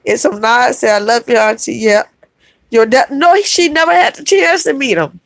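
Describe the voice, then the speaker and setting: Middle-aged lady on a livestream, heartfelt and repetitive, kinda high voice, dry close sound. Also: lively intonation, moderate pace, no room sound. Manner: heartfelt, repetitive, addresses viewers as y'all. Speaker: vlogger reading live chat. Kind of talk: emotional livestream chat.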